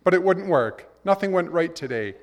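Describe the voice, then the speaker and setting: A man putting on a higher, whiny complainer. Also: lively intonation, normal speed. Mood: aggrieved. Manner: complaining, aggrieved. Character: man whining to God about a bad day.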